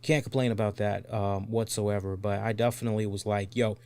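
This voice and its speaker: A man's voice: a little fast, few pauses, dry recording. A man in his thirties hosts his own show and tells a long story in easy, casual chat. He swears freely and swings his voice sharply upward when he acts out what other people said. The recording is very dry, with no room sound at all. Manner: animated, swears freely, acts out other people's lines with big pitch jumps. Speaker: podcast host.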